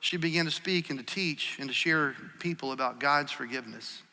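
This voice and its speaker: Bright-voiced preacher in a reverberant church. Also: male voice, fairly high pitch, brisk. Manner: conversational storytelling preacher, many "uh"s, soft for quotes, louder when stirred. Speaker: pastor. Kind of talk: sermon. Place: church sanctuary. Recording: long church hall reverb.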